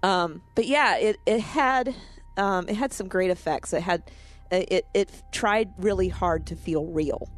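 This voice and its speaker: A woman co-hosting a casual film review chat talks in a chatty way, laughing often and restarting her sentences. Her voice is lowish and a little slow.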